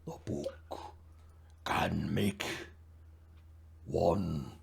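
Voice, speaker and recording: A man voicing an ancient, slow-witted albino troll, speaking in a slow, halting, gravelly half-whisper. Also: sits low, exaggerated voice. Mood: cryptic.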